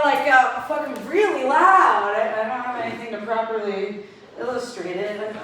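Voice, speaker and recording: A fairly high-voiced woman doing stand-up, spinning dark family stories with a deadpan edge and frequent laughter. She sounds far from the mic in a very echoey space, with a faint hiss underneath. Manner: dark deadpan jokes, often breaking into laughter. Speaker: stand-up comedian. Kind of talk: stand-up storytelling.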